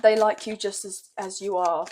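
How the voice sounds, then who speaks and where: In this slightly hissy or humming clip, a woman with a medium-pitched, steady voice speaks at a normal speed. She's a tarot reader giving a reading, gentle, chatty and emotional, and she sounds a bit croaky. She checks in with her viewers often, frequently saying "okay, guys."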